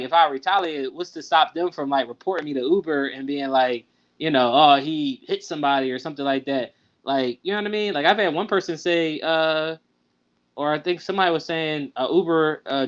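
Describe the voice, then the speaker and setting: A young man talking loosely on a podcast, telling a personal story full of fillers and asides. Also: fairly high pitch. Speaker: podcast co-host. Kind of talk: casual storytelling. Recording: dull lo-fi sound.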